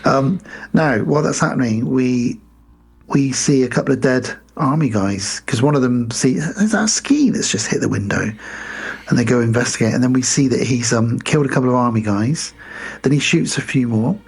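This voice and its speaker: A man co-hosting a podcast, casually recapping a film plot and slipping into quick mock voices. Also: medium pitch, breathy edge. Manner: retells scenes with quick mock voices and laughs. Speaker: podcast co-host.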